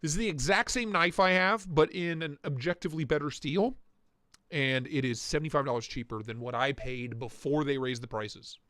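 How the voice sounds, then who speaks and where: His voice is a little high and fairly bright, moving at normal speed, with a stuffy, blocked nose. He's a casual live stream host riffing on knife listings with mock indignation, recorded studio-clean with no room sound.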